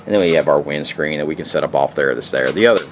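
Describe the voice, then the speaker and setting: A man's voice: very deep voice, quick pace, slight background noise. A man casually demonstrating camping gear, rambling in profane, folksy slang. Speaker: outdoor gear reviewer.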